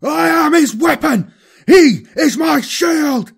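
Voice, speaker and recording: Bellowing armored warrior-priest played by a man, wild swings in pitch, battle cries, audiobook voice. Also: lively intonation, slow, creaky, full character voice. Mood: furious roaring. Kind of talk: audiobook character voice.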